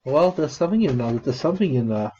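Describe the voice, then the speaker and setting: Flat, downcast man, dull lo-fi recording. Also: fairly high pitch, a little hiss or hum. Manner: flat, downcast, monotone delivery; halting, many restarts and fillers. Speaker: vlogger. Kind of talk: rambling casual monologue.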